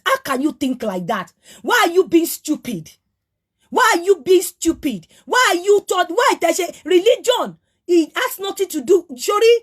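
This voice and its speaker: Very high-voiced Nigerian woman lecturing. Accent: Nigerian, Yoruba. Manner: lecturing, repeated rhetorical questions; switches between Yoruba and English. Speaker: host. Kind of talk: opinionated monologue.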